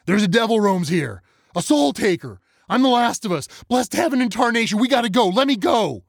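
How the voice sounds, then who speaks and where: A man's voice: on the low side, normal speed, dry recording, clean studio sound, natural voice. A man voicing a terrified young frontier boy with a rural Old West drawl, frantic and breathless. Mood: panicked.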